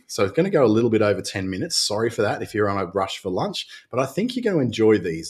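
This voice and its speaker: Man, webinar host, husky voice, chatty demo walkthrough, frequent restarts. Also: lowish voice. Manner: chatty, friendly, restarts sentences often. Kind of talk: casual live webinar with screen-share demo.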